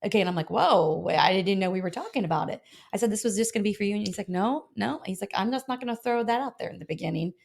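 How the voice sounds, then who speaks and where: A woman's voice: medium pitch, animated, quick pace, gravelly, few pauses. A middle-aged woman, a health insurance broker, telling stories in a casual interview and acting out both sides of her phone calls.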